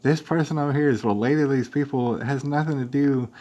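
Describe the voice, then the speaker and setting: A man's voice: mid-range voice, fairly even intonation, quick pace, warm tone, lo-fi sound. A man hosting a live stream, giving rambling, speculative commentary on news clips with many fillers and restarts.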